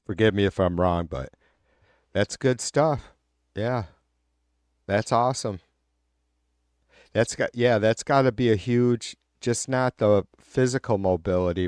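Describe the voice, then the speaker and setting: Low-voiced man ranting on a live stream. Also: measured pace, darkish tone, clean tone, no echo. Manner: blunt, heated, swears often. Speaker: live stream host reading viewer comments. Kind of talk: casual profane political rant.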